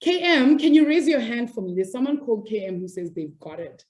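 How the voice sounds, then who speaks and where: A woman's voice: a little high, expressive, a little fast, darkish tone. A woman teaching a maths class online, upbeat and chatty, apologizing and laughing easily as she explains.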